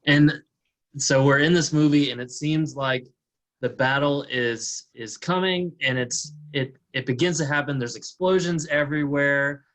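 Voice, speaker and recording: A man's voice: a little high, a little slow, fairly bright tone, rough recording. A man telling a playful story in casual chat on a video call.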